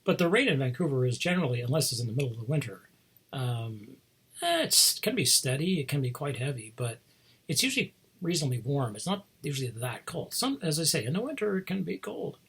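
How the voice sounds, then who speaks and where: A man's voice: medium pitch, very animated, fairly quick, vocal fry, fairly bright tone, breathy edge. A man hosting a casual chat about toy figures, rambling into asides and chuckling often. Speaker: host showing toy figures.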